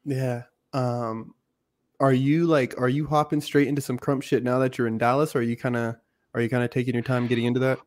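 A man's voice: medium pitch, flat delivery, fairly quick, dry recording, clean studio sound. A man hosting a podcast, chatting in an easygoing, slangy way. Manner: easygoing, slangy, calls people bro. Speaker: podcast host. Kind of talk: casual podcast chat.

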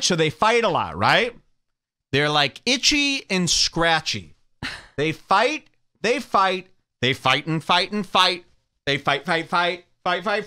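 A man hosting a podcast, riffing crudely and mockingly on clips he plays. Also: sits high. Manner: crude, mocking, lively banter. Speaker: podcast host. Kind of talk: riffing commentary on played clips.

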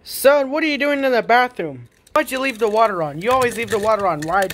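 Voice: medium pitch, expressive, fairly quick, fairly bright tone, natural voice. A performer voicing an exasperated father who keeps scolding his son during a toy skit, in a noisy home recording. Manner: nagging, scolding questions. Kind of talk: toy skit role-play. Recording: noisy home video audio.

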